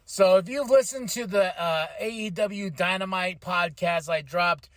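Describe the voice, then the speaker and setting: A man's voice: sits high, a little slow, fairly bright tone, no echo. A man hosting a casual wrestling review podcast, hyped and rambling with lots of fillers. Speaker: podcast host.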